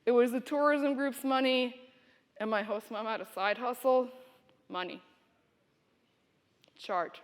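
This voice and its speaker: Woman, keynote speaker, animated storytelling, high voice, echoing hall. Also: a little slow, pauses often. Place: conference hall. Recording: reverberant hall.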